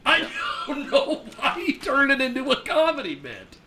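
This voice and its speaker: A man hosting a talk radio show, telling a story in a relaxed, animated way, acting out what others said and laughing often. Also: very high voice, normal speed.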